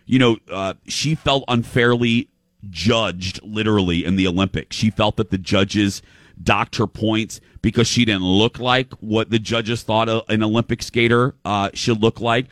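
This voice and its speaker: A man hosting a show in casual chat, telling a story with quick restarts and quoting what others said. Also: on the low side, fairly even intonation, no echo, studio quality. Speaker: show host.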